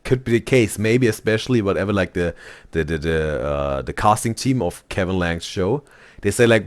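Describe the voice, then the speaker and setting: Man, low voice, animated pitch, dry close sound, casual stream chatter, calls everyone bro. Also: normal speed, no room sound. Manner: chatty, loose non-native phrasing, says "bro" often. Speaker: streamer reacting to a video. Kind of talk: casual reaction commentary.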